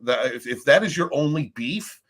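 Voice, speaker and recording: Animated, swearing man on a podcast. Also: medium pitch, moderate pace, breathy edge. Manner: animated, swearing, rambling with restarts. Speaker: podcast host. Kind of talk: casual podcast chat.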